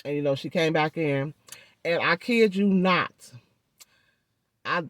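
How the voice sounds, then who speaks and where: A woman vlogger telling a story in a chatty, animated way, speaking through a swollen jaw and addressing viewers directly. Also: low voice, slow pace, dry recording, studio quality. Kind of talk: casual storytelling vlog.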